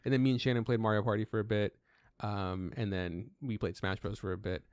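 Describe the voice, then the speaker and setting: A man's voice: fairly low pitch, fairly even intonation, brisk, clean tone, no echo. A young man co-hosting a podcast, chatting casually and rambling through stories full of fillers and acted-out quotes. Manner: rambling storyteller, heavy use of "like" and quoted voices. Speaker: podcast co-host. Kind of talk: casual chat.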